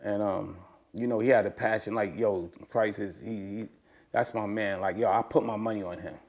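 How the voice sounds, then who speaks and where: Male guest, loose street talk, animated storyteller, voice spikes up when excited. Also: normal speed. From United States. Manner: animated storytelling, slangy and profane, voice rising high when excited. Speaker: interview guest. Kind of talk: casual conversation.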